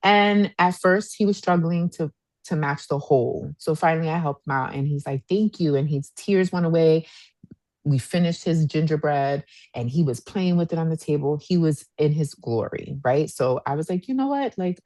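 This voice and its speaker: A woman in her thirties co-hosting a podcast, telling a story in a casual, animated way and acting out what people said. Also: low-pitched, normal speed, no room sound. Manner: animated storyteller, acts out quotes, says "y'all". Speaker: podcast co-host.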